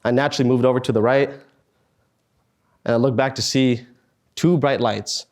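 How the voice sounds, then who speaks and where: Man, 20s, earnest halting storytelling talk, middle pitch, pauses and sighs. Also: steady tone, a little mellow. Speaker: speaker at a student fellows meetup.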